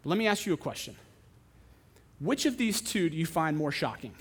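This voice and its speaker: A young adult man, a pastor, preaching a sermon and telling a story with lively, animated delivery. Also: fairly high pitch, brisk, husky. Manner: animated storytelling, acting out other voices.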